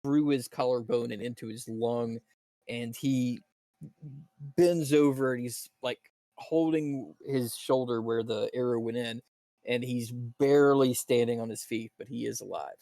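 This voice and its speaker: A man's voice: medium pitch, fairly even intonation, dark tone, no room sound. Man running a tabletop game, dry sound. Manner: descriptive, halting with fillers and restarts. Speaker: dungeon master.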